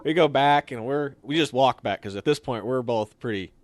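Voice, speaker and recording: A young man casually telling a story, animated and acting out what others said. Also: moderate pace, dry recording. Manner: animated, acts out quotes with sudden higher shouts. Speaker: storyteller guest.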